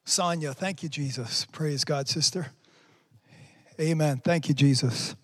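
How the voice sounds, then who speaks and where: A man's voice: a little high, takes it slowly, pauses often. A man preaching a livestreamed sermon, fervently reading out viewers' comments and exclaiming praise between them. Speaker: pastor.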